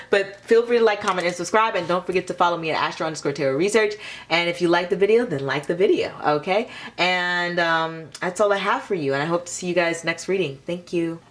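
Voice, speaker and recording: A young woman with a slightly low voice talks through a tarot reading in a loose, chatty way. She fills her sentences with "like" and breaks into laughter between cards. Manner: chatty, laughs often, filler-heavy with lots of "like". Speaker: tarot reader. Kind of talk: casual pick-a-card tarot reading.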